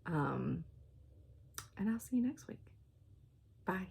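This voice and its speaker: A woman's voice: fairly low pitch, very animated, slow pace, gravelly, pauses often, darkish tone, a little hiss or hum. Host: chatty woman, casual show-and-tell, laughs a lot. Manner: chatty, laughs often, talks to her dogs. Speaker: flosstube host.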